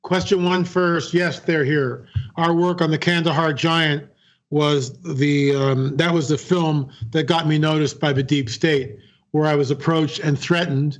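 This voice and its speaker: Here a slightly high-voiced man talks a bit slowly and keeps his tone steady. A filmmaker appearing as an interview guest, he recounts a story earnestly, repeats key phrases, and performs the dialogue he quotes.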